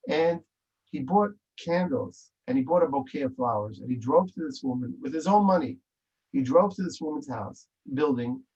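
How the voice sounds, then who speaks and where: A man's voice: on the high side, animated, moderate pace, darkish tone, breathy edge. A man telling a story in an interview, emphatic and repeating phrases. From Israel. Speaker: interview guest. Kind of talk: storytelling in conversation. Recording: dull lo-fi recording.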